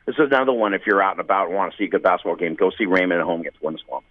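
A man's voice: sits low, racing, no echo, narrow, tinny audio. A man co-hosting a sports podcast, chatting casually and rambling through game picks. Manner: rambling, lively, laughs often. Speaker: podcast co-host picking games.

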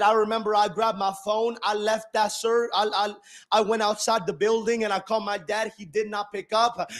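High-voiced young man preaching a sermon. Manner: testimony-style preaching, swinging from soft reflection to shouted emphasis.

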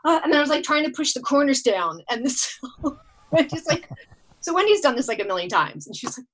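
A woman telling a long personal story in casual chat, acting out her own lines with bursts of shouting and laughter. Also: sits high, very animated, fairly quick. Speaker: guest storyteller.

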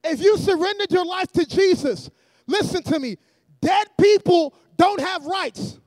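A man preaching a sermon in a church, energetic and often shouting, with joking asides to the congregation. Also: very high-pitched, a little slow, no room sound.

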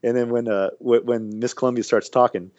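A man co-hosting a podcast, rambling and animated in casual banter, full of restarts. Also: medium pitch, brisk, dry recording, muffled recording. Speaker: podcast co-host.

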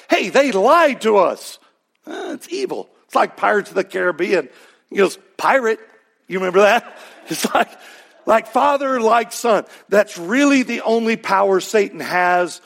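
A man's voice: fairly high pitch, vocal fry. A man with a Texas accent preaching a sermon as pastor, in a conversational style full of rhetorical questions.

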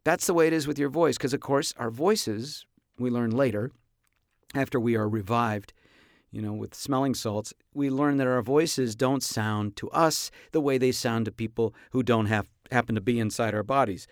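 A man hosting a podcast about voice acting, talking casually with playful, expressive comic storytelling. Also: mid-range voice, moderate pace, no echo, clean studio sound. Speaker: podcast host and voice actor.

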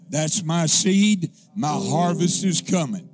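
A man with a notably high voice preaches from the pulpit, spinning a homespun, humorous story. His telling swells into fervent, shouted praise. Faint music plays underneath. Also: a little slow. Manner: folksy, humorous testimony rising into fervent preaching. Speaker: pastor. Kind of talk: storytelling sermon.

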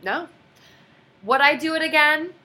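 A woman in her twenties telling a personal story in casual chat, animated and quoting others dramatically. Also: sits high, a little slow.

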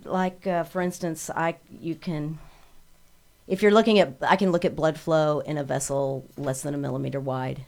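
A woman, a podcast guest in casual chat, halting and restarting as she searches for words. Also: deep voice, fairly even intonation, gravelly, darkish tone.

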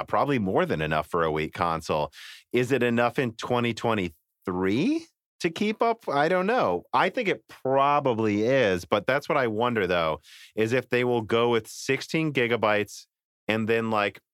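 A man hosting a casual tech podcast, talking in an animated, rambling way and breaking off mid-sentence. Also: medium pitch, clear, resonant tone, dry recording, clean studio sound. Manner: animated, rambling, self-interrupting. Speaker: podcast host.

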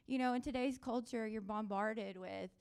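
A woman on a panel gently offering faith-based encouragement and quoting scripture in a reassuring, conversational way. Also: a little high, moderate pace, clear, resonant tone. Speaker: panel speaker. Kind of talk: devotional encouragement.

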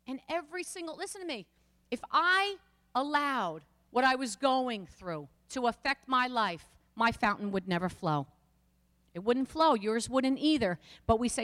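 A woman's voice: high-pitched, expressive, moderate pace, a bit bright, in a large hall. A woman pastor preaching a passionate sermon, speaking straight to her listeners with rising and falling emphasis.

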